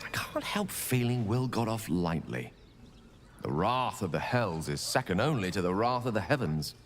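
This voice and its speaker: A man's voice: on the low side, sing-song, normal speed, slight background noise. An actor playing a refined male wizard in a video game, speaking in a courtly, articulate, wry way.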